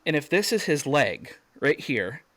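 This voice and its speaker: Guy on a video call telling a story, dry close sound, voice shoots way up when he quotes people yelling. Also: a little slow, dry recording. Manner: animated, acts out quoted shouts with sharp jumps up in pitch. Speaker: guest. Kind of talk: storytelling in a casual interview.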